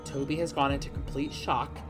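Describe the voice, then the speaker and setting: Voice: mid-range voice, flat delivery, a little fast, over music. A podcast host giving a comic, rambling plot recap with dramatic "guess what" beats.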